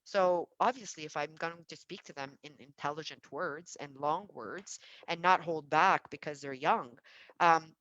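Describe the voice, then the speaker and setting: A woman who runs a childcare centre, explaining early childhood development to parents in an animated, emphatic way. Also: deep voice, no room sound, muffled recording. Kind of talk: parenting talk to camera.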